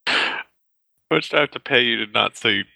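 A man's voice: medium pitch, normal speed, creaky, sharp tone, no echo. A man playing in a casual tabletop game, brash and sarcastic with plenty of swearing. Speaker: player.

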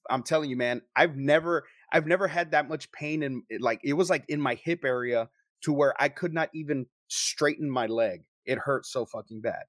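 A young man telling a story to friends in a casual, profane, animated way, acting out what people said. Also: mid-range voice, normal speed, no echo, studio quality. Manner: profane, animated storyteller who acts out quotes. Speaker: paranormal investigator telling a story.

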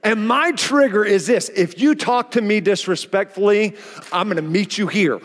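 Animated preaching man in a big hall. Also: high voice, normal speed. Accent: Oklahoma. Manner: animated storytelling, acts out exchanges. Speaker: pastor. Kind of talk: sermon. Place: church auditorium.

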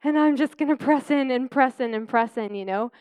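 A woman's voice: sits high, fairly quick, darkish tone, no echo. A young woman telling a personal testimony in a church talk, heartfelt and conversational with many fillers. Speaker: speaker sharing a testimony in church.

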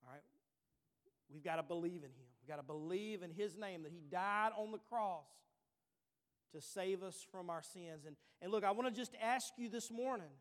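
Speaking at a moderate pace, a man in his thirties preaches as pastor in a high-pitched, somewhat bright voice. He's earnest, going back over his questions and checking in with "all right." Long reverb fills the hall of the church sanctuary.

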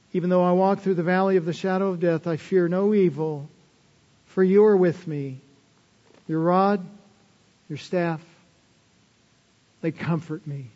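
A man preaching a sermon, moving between loud emphatic declarations and hushed, tender asides. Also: sits high. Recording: dull live sermon recording with long hall reverb.

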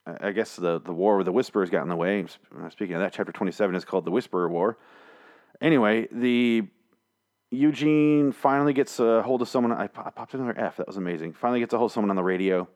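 A man's voice: lowish voice, fast talker, darkish tone. A man recapping comic chapters in a casual, rambling, sarcastic monologue, swearing freely and slipping into mock voices. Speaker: comic book reviewer.

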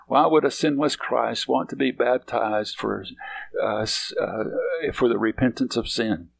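A man's voice: fairly high pitch, gravelly, low-quality recording. A man preaching a sermon, reading scripture and then explaining it emphatically, often checking in with his listeners. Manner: emphatic, repeats points, frequent "okay?".

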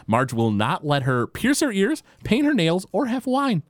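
A man co-hosting a casual podcast, retelling cartoon scenes with lots of fillers and quick impressions. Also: on the low side, expressive, dry recording, clean studio sound. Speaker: podcast co-host. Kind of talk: casual chat recapping a cartoon episode.

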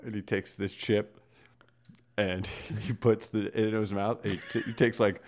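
A man co-hosting a podcast, telling stories in an animated, profane, casual way. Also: lowish voice, moderate pace. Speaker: podcast co-host. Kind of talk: casual chat.

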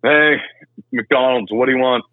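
A man's voice: medium pitch, a little slow, lightly acted. A man doing a bored burger-counter worker on the phone. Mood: dismissive. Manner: flat, dismissive. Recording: tinny phone line, dry.

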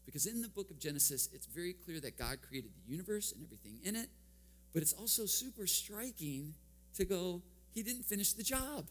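A man's voice: on the high side, very animated, brisk, soft background music. A man preaching a sermon, telling personal stories with a self-deprecating, humorous touch and frequent chuckles. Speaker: guest preacher.

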